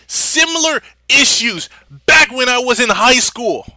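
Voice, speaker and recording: Furious high-voiced young man ranting. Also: lively intonation, unhurried, dry recording, studio quality. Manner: furious, profane, shouting at times. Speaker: vlogger. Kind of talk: angry rant.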